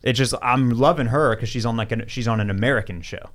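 A man's voice: medium pitch, quick pace. A man co-hosting a casual podcast, chatty, often restarting his sentences. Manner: chatty, stumbling over words. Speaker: podcast co-host.

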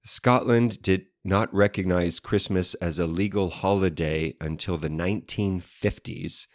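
Deep-voiced man, dry playful co-host. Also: unhurried, no echo. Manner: dry, playful, explains history with wordy flourishes. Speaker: podcast co-host. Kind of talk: casual banter with wife.

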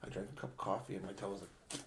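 A man co-hosting a podcast, telling stories in a rambling, animated way full of fillers. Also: sits low, very fast. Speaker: podcast co-host. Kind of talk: casual chat.

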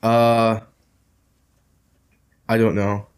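A woman's voice: a bass voice, flat delivery, very slow, a little mellow, a little hiss or hum. A woman guest on a comedy podcast, hesitant, with many ums. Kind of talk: casual comedy chat.

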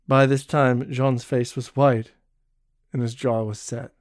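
A man narrating a novel in a steady, measured storytelling read. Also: medium pitch, no room sound, studio quality. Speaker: audiobook narrator.

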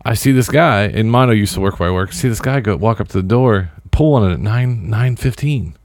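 A man's voice: fairly low pitch, lively intonation, fairly quick, a little mellow, dry recording, clean studio sound. Laid-back man telling a story. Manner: laid-back, wry storyteller, acts out quotes. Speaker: podcast co-host. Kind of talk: casual chat, storytelling.

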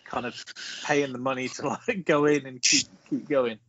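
A man co-hosting a casual film podcast, explaining his points in a measured way and leading with trivia. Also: mid-range voice, steady tone, fairly bright tone, no echo, lo-fi sound. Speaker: podcast co-host.

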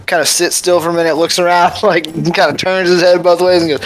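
A man's voice: high voice, level tone, brisk, soft background music. A man playing in a tabletop game, chatty and laughing often. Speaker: player. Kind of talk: casual tabletop game chat.

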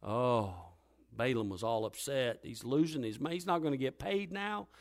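A male preacher retelling a scripture story in a lively, dramatic sermon style. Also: mid-range voice, normal speed, gravelly. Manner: lively, dramatic retelling with wide swings in loudness.

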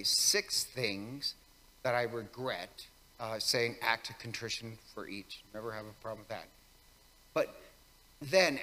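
Priest, male, casual wry homily delivery, bright tone, long church reverb. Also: mid-range voice. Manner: conversational, wry and self-mocking. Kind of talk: weekday homily.

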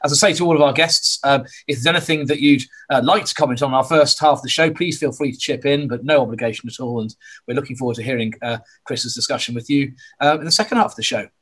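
A man with a hoarse voice, hosting a podcast over a video call and hesitating with many ums. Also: mid-range voice, fast talker, a bit bright. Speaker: podcast host. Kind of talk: casual video-call chat.

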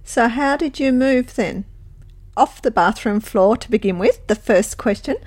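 A woman host asking measured, soft-spoken interview questions. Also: a little high, breathy edge, dry recording.

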